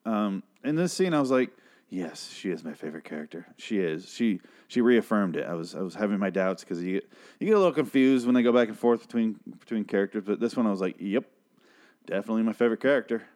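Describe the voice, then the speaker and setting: A man casually recapping a TV episode, swearing freely and acting out characters' lines in quick put-on voices. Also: fairly low pitch, animated, darkish tone.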